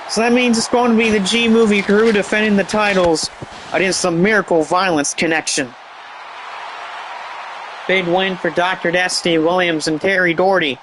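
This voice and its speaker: A man giving excited, rambling play-by-play commentary over a wrestling game, with chatty asides. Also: sits high, noisy background.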